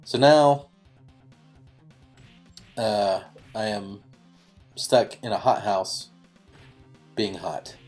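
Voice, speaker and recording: Over gameplay and soft background music, a YouTube gaming host tells a wandering, self-mocking story, chatty and full of "you know" fillers. His fairly low, darkish voice moves extremely slowly, pausing often.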